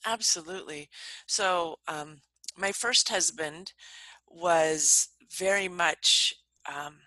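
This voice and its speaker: A middle-aged woman guest telling lively, upbeat stories in casual conversation. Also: fairly low pitch, slow pace, dry recording, poor audio. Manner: upbeat, animated storytelling.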